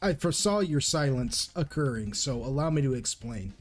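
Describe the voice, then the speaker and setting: A man voicing a mysterious male divine being who speaks in a calm, cryptic, measured way. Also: medium pitch, faint music behind, natural voice. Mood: solemn.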